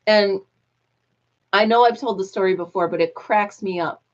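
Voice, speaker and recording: A woman's voice: mid-range voice, moderate pace, lo-fi sound. A woman hosting a casual live chat, talking freely with frequent laughs and cooing asides to her dog. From United States. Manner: chatty, laughs often, coos to her dog. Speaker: host.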